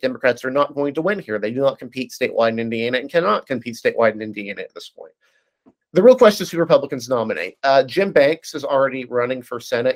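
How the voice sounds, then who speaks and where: A man breaking down political races at a brisk clip, his voice at a middle pitch. He piles on detail and stumbles through restarts and "uh"s as he goes. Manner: fast, detailed, many fillers and restarts. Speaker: political analyst. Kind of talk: casual political discussion.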